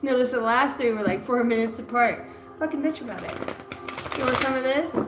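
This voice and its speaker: A woman's voice: a little high, a little fast, very noisy. A woman giving an intuitive card reading on a livestream. She talks loosely, swears freely and now and then breaks into chanted sounds. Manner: loose, profane, bursts into chanting. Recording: roomy room with music behind.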